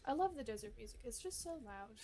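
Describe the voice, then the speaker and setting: A woman's voice: a little high, lively intonation, brisk, mellow, a little hiss or hum. A woman streaming a video game, talking casually and self-mockingly while she plays, laughing often. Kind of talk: casual gameplay commentary.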